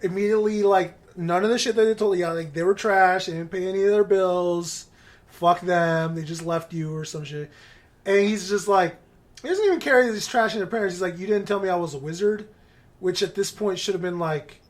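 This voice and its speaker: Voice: medium pitch, fairly quick. Podcast host, rambling comic retelling, frequent swearing and laughter.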